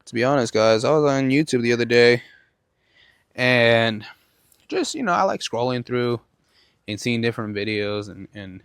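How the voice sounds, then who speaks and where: A man's voice: medium pitch, animated, moderate pace, long pauses, a bit bright, smooth, no echo, clean studio sound. A man hosting his own podcast, telling a rambling, profane story in a casual monologue. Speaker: podcast host.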